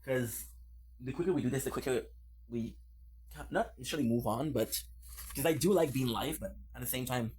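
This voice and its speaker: A man's voice: mid-range voice, brisk, long pauses, a little mellow, husky. A man chatting casually with his viewers on a live stream, playful and teasing.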